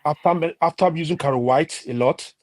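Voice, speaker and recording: A man's voice: fairly high pitch, brisk. A Nigerian man ranting indignantly as a panelist in a heated discussion, repeating himself.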